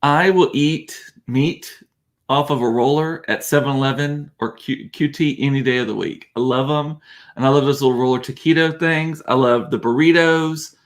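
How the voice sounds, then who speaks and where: A man's voice: mid-range voice, moderate pace. A middle-aged man, hosting a rambling, casual chat. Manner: rambling, chatty, self-amused. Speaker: show host. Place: warm room with door closed.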